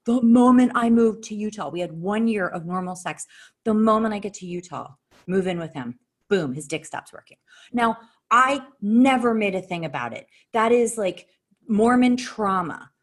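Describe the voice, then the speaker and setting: A woman telling a personal story in casual talk, blunt and profane, her voice jumping sharply in pitch. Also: moderate pace. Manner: animated, with sharp jumps in pitch.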